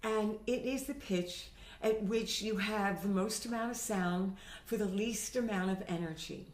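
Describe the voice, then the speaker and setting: A middle-aged woman voice teacher recovering from a sinus infection, chatting and demonstrating pitch with her own voice in a home video lesson. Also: measured pace. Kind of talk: instructional video talk. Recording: roomy home recording.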